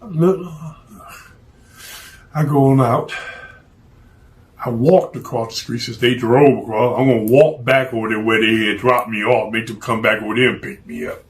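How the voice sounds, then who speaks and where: A man's voice: medium pitch, moderate pace. A man telling a story from his past in a blunt, profane, streetwise way.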